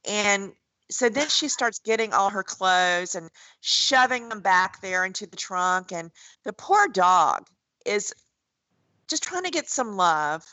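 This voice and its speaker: A woman's voice: mid-range voice, sing-song, slow, sharp tone, no echo, low-quality recording. A woman co-hosting a podcast, chatting bluntly and retelling a TV show with lots of asides. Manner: blunt, chatty, retells scenes with quoted voices. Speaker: podcast co-host. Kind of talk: casual chat recapping a TV show.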